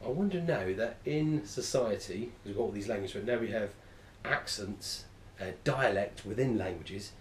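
A man's voice: fairly low pitch, expressive, normal speed, slight background noise. Enthusiastic male teacher, echoey room. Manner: enthusiastic, rambling, self-correcting. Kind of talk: classroom lecture.

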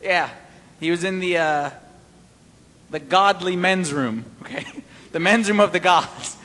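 A man preaching a sermon-style Bible study, animated and playful, quizzing his listeners. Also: high-pitched, unhurried, big-room sound.

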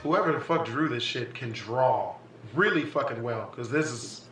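A young man giving casual, profane, excitable reaction commentary on a vlog, often breaking into laughter. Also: mid-range voice, normal speed. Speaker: vlogger. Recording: echoey room, far from the mic, faint music.

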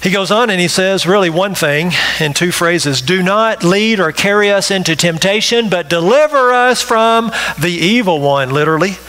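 A man's voice: high voice, moderate pace, hardly any pauses, pushed and bright, low-quality recording. A male pastor delivering a sermon, emphatic and repetitive, often checking in with the congregation with a rhetorical "right?".

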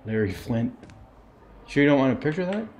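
A young man streaming a game live, reacting excitably, swearing and laughing at what happens on screen. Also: mid-range voice, a little fast, slight background noise. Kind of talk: live gameplay commentary.

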